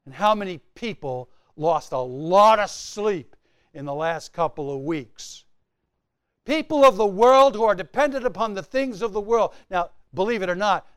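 A pastor preaching a sermon, swinging between loud emphatic lines and quiet dropped phrases, repeating key words for emphasis. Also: male voice, high-pitched, dry recording, clean studio sound.

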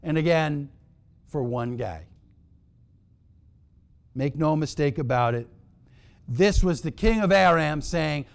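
Slow, emphatic male preacher. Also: a little high, creaky. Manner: deliberate, emphatic, dramatic storytelling. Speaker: pastor. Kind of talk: sermon.

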